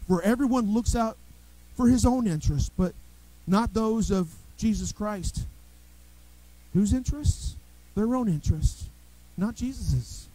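High-voiced animated male preacher. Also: measured pace, no room sound, low-quality recording. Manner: animated storytelling preacher, repeats and restarts words. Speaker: pastor. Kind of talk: sermon. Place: church sanctuary.

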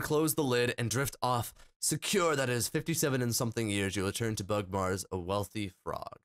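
A man hosting a let's play, reading game text aloud in an excitable, flustered way as he comments on the gameplay. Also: medium pitch, moderate pace, few pauses. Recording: game music playing behind.

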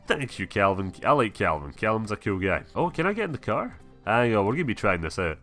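Man, gameplay commentary, fairly low voice, swears and reads game text, webcam mic. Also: sing-song, a little fast, few pauses, fairly bright tone, faint music behind. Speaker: gameplay streamer.

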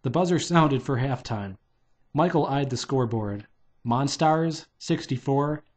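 A man's voice: mid-range voice, expressive, measured pace, slightly rough. A man reading a children's novelization aloud in a loose, unpolished way, stopping to redo lines. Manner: loose, unpolished delivery with restarts and "take two" retakes. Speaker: reader.

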